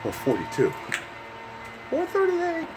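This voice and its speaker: A man's voice: very high-pitched, wildly swooping pitch, takes it slowly, music in the background. An older man doing a motivational fitness vlog while climbing stairs, slightly winded, upbeat and coaxing as he talks straight to viewers. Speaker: fitness vlogger.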